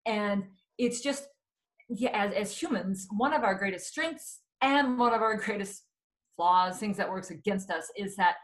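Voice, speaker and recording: A woman's voice: mid-range voice, rough recording. A woman speaking as an expert guest in a webinar conversation, earnest and explanatory, sometimes correcting herself mid-sentence.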